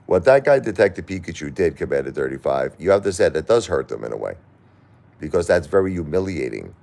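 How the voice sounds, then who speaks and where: A middle-aged man on a live stream, talking through grief and reading viewer comments, halting and repeating himself, at times crying. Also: sits low, sing-song, creaky, a little mellow. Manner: halting, repeats words, grief-stricken and pleading. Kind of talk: emotional live-stream talk.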